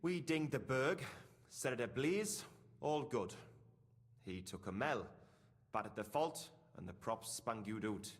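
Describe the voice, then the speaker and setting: A man's voice: mid-range voice, animated, unhurried, lightly acted. Actor as a sighing mine foreman, thick dialect, echoing game audio. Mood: grieving. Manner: heavy old mining dialect, weary and sighing. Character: grieving male mine foreman, weary, plain-spoken.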